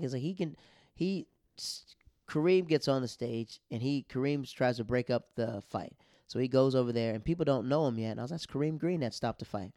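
A young man telling a comic story, animated and acting out other people's lines in louder, higher voices. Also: fast talker, no room sound, studio quality. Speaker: stand-up comedian. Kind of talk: storytelling comedy monologue.

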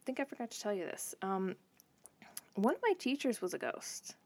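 A woman's voice: mid-range voice, normal speed, noisy background. A woman co-hosting a podcast, mixing casual chat with history she has researched. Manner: relaxed, reads history notes between chat. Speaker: podcast co-host.

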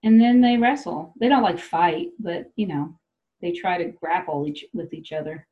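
A woman's voice: fairly low pitch, normal speed, phone-quality sound. A woman from South Dakota hosting a podcast, chatting loosely and laughing as she acts out what people say. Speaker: podcast host. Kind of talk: casual chat.

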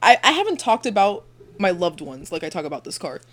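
A woman's voice: lowish voice, big pitch swings, fairly quick. A young woman co-hosting a podcast, telling a rambling, crude story in casual chat and laughing often. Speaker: podcast co-host.

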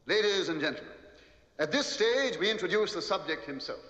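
A man's voice: high voice, animated, brisk, a bit bright. An actor playing a pompous government minister who formally presents his subject to an audience. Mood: proud. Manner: formal, declaiming. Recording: echoey film audio in a large hall.

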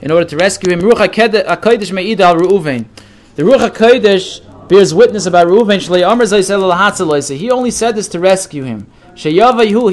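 A man leading a text study class, reading each Hebrew phrase and then translating it. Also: sits high. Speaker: Torah teacher.

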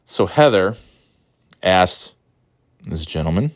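A man's voice: fairly low pitch, animated, normal speed, dry recording, clean studio sound. A man giving casual, sarcastic commentary on a clip, swearing freely. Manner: sarcastic, swears, mocks with put-on voices.

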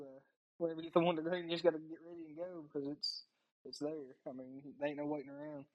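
A man's voice: a little high, dry recording. A man, a podcast co-host and race driver, talking about racing in an easygoing drawl. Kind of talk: casual chat. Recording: dull lo-fi podcast audio.

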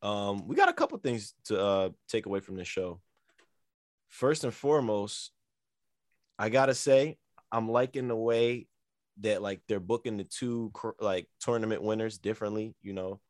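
A man with a fairly low voice talks in an easygoing, slangy way, letting his sentences drop off quietly. The sound is dry and close, with no room around it. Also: lively intonation, moderate pace, no echo. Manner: laid-back, slangy, trails off softly. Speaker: podcast co-host. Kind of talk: casual chat.

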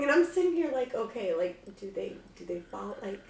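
A woman telling a story in casual conversation, chatty and quick to laugh. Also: on the high side, very animated, gravelly, distant mic. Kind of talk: casual chat. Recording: roomy, off-mic.

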